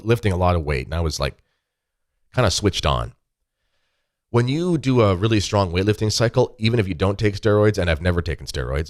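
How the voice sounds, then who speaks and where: A man, hosting a show and telling rambling, animated anecdotes in a casual chat from his desk at home. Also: low voice, no echo, clean studio sound. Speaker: podcast host. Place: home desk with weightlifting equipment behind.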